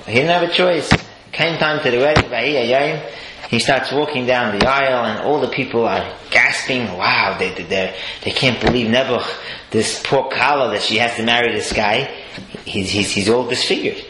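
A man giving a sermon-style Torah talk, telling stories lively swings between high exclaims and low murmurs. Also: normal speed. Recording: echoey room with faint noise.

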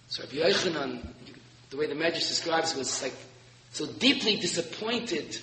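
A man giving a sermon as a rabbi, telling a story with emphatic peaks and sudden hushed drops. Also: high-pitched, normal speed. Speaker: rabbi giving a Torah talk. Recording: echoey hall, long reverb.

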